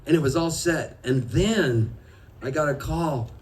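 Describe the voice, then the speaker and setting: A man telling stories between songs at a live show, animated and self-mocking, often laughing as he talks. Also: fairly high pitch, measured pace. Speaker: singer-songwriter telling stories on stage. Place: live music venue with an audience. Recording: distant live room recording with crowd. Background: audience and ambient noise.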